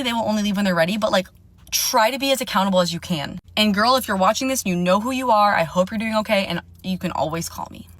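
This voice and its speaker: Young woman, casual storyteller; animated, blunt, swears, voices the people in her story. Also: medium pitch, dry recording. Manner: animated, swearing, acting out quoted dialogue.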